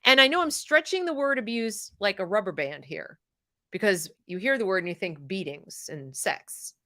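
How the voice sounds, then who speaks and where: Bright, emphatic woman host. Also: mid-range voice, moderate pace, dry recording, clean studio sound. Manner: animated and emphatic, acts out quoted people; firm, indignant. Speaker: podcast host. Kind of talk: live recap talk, personal storytelling.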